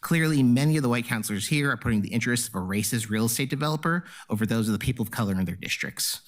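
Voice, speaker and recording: A man addresses a council in an earnest, formal tone, reading prepared remarks at an even pace. He speaks from the chamber, and his voice is relayed through a stream. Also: mid-range voice, rapid-fire. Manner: earnest, formal, reads from notes. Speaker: public commenter at a city council meeting. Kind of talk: prepared public testimony.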